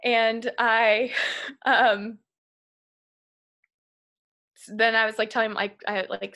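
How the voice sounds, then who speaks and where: Her voice is medium in pitch and a little bright. She's a young adult woman addressing a group as a guest speaker, recounting a personal story with open emotion, frequent "like" fillers, and occasional tearfulness.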